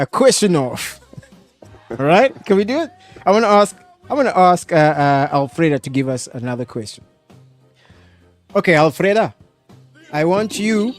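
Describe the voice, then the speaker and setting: A man hosting a casual live stream, animated and hesitant, laughing often as he talks. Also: fairly high pitch. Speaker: host.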